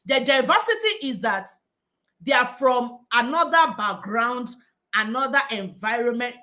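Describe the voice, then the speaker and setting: Lively high Nigerian woman telling stories. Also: unhurried. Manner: animated storytelling, acts out other people's voices, laughs often. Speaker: speaker. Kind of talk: talk with acted-out anecdotes.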